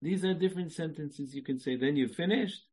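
A man's voice: a little high, a little fast, darkish tone, breathy edge, poor audio. A man giving a religious lecture, repeating short phrases, laughing and breaking into song. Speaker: Jewish lecturer.

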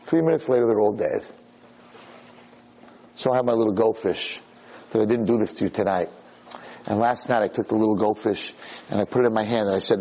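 A man, a rabbi, giving a Torah class sermon with animated stories and rhetorical questions. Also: on the low side, fairly quick, breathy edge.

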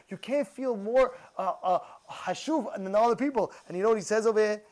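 A man, a rabbi, giving an animated storytelling Torah talk, repeating his phrases and mixing in Hebrew terms. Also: sits high, normal speed, hardly any pauses, low-quality recording.

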